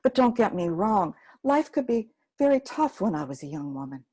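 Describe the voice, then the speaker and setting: A woman storyteller voicing a gentle, wise elderly grandmother with a homespun, reassuring manner. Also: mid-range voice, very animated, moderate pace.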